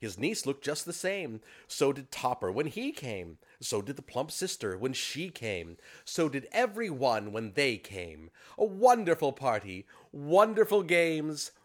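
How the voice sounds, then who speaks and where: A man narrating a classic story aloud with animated expression. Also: mid-range voice, measured pace. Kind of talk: storybook reading.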